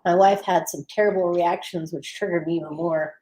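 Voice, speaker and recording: A woman's voice: lowish voice, steady tone, a little fast, dark tone, slight background noise. A woman co-hosting a recovery livestream, reading viewer comments aloud and chatting, laughing easily. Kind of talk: casual live chat.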